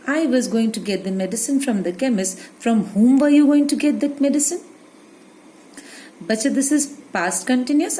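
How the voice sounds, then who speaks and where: A woman's voice: fairly high pitch, mellow, slight background noise, low-quality recording. A woman teacher with an Indian English accent, giving a grammar lesson to children and dictating the example sentences word by word.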